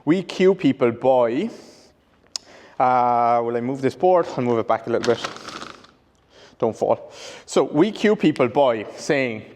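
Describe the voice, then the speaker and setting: A man's voice: medium pitch, a little mellow. A male rehab coach giving an instructional demonstration, explaining step by step and correcting himself as he goes. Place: training room with a whiteboard. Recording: long reverb in a large room.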